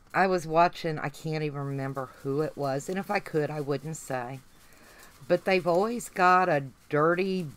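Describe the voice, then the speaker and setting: A middle-aged woman with a Southern accent, chatting folksily to her livestream viewers while she works on a craft project. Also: sits low. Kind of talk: casual chat while crafting.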